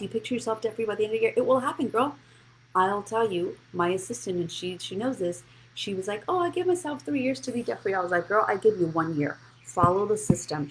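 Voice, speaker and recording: A woman's voice: lowish voice, gravelly, a little hiss or hum, low-quality recording. A woman hosting a live-streamed motivational money talk, speaking bluntly and encouragingly and answering viewers' comments by name. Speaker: financial coach and show host.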